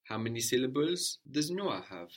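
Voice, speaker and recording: A man teaching a language lesson, repeating each answer back slowly and checking understanding with a questioning "no?". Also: medium pitch, sing-song.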